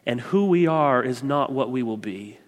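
Long reverb from a large hall surrounds this sermon. The preacher, a pastor in his thirties, speaks at a moderate pace in an animated, medium-pitched voice, emphatic and passionate, with lots of repetition.

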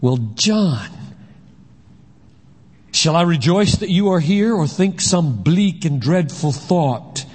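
A remorseful apostle, as a male storyteller reads him, grieving yet commanding. The lines come slow and measured in a slightly raised voice. A long reverb trails behind. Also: fairly high pitch, animated, darkish tone, slightly rough, pitched above the performer's own voice, exaggerated voice. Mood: urgent.

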